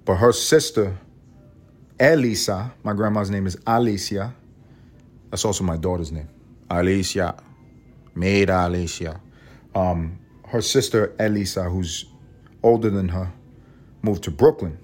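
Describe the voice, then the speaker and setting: A man with a fairly low voice, talking through a casual solo podcast. He rambles and swears freely, cracks jokes, and often restarts his sentences. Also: unhurried, long pauses, darkish tone. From Harlem, New York. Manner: rambling, profane and joking, with frequent restarts. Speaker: podcast host.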